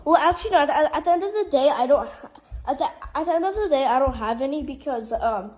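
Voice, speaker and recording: A young woman talks casually to the camera and to her cat, playful and rambling. She often stumbles and restarts her sentences. Her voice sits high for a woman. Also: animated, fast, a little mellow, low-quality recording. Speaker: vlogger. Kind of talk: casual vlog chatter.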